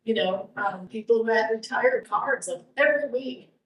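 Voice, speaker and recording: A cancer survivor with a voice on the high side tells her story at a moderate pace in a casual interview. She rambles, restarting often and using plenty of fillers, recorded through a roomy, distant mic.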